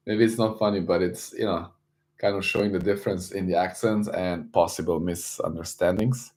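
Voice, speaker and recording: A man's voice: low-pitched, fairly even intonation, moderate pace, darkish tone. A man hosting a casual live stream, greeting viewers, reading the chat aloud and talking loosely with frequent restarts.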